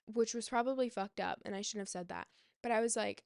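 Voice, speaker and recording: A woman's voice: on the high side, fairly even intonation, fast talker, clean tone, no echo, studio quality. A young woman telling a personal story in a casual, chatty way, full of "like" and "um" and often exasperated. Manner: chatty, frequent "like" and "um" fillers; exasperated, emphatic. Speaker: vlogger.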